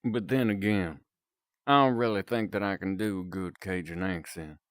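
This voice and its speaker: A man's voice: sits low, moderate pace, smooth, no room sound, studio quality. A man chatting casually on a live stream, rambling and chuckling between remarks.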